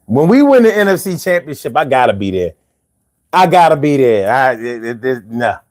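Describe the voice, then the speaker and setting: A man's voice: medium pitch, very animated, normal speed. A man hosting a casual livestream and chatting with viewers, with slangy, profane, rambling speech full of repeats. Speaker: livestream host reading chat. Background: his own bongos and faint music.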